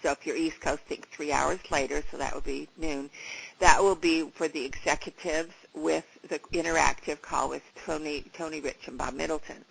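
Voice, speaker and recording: A woman with a gravelly morning voice leading a sales training over a phone conference call, upbeat and enthusiastic and loosely rambling. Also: deep voice, fairly even intonation, normal speed, slight background noise, rough recording. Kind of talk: motivational training talk. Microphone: phone line into a conference call.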